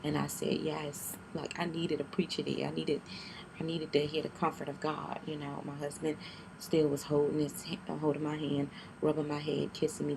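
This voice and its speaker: A young woman tells a painful personal story to her camera, in a low, gravelly voice that barely rises or falls. She speaks haltingly and tearfully, restarting often and keeping her voice down. Clear noise runs behind her recording. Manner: keeps her voice down. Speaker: vlogger.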